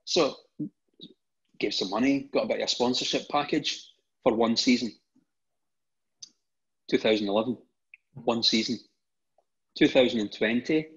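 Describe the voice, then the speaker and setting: Speaking at a moderate pace with long pauses, a middle-aged Scottish man with a slightly rough, mid-range voice recounts casual anecdotes as a guest on an interview show. He often repeats words when starting phrases, and the sound quality is dull and lo-fi.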